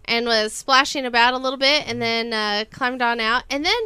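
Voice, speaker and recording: A middle-aged woman co-hosts a podcast in relaxed back-and-forth chat, telling small everyday stories. Her voice is bright, smooth and a little high, recorded close and dry. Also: normal speed, no echo. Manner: chatty, easygoing storyteller. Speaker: podcast co-host. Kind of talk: casual chat.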